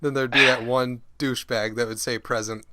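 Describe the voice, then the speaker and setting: A man's voice: medium pitch, flat delivery, fairly quick, pushed and bright, slight background noise. A man in casual podcast chat, wry and sarcastic.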